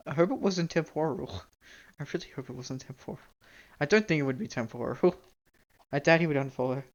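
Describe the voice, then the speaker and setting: A young-adult game streamer from Canada chats casually on a live stream, rambling, poking fun at himself and swearing freely. The voice is medium-pitched and brisk, with lo-fi sound.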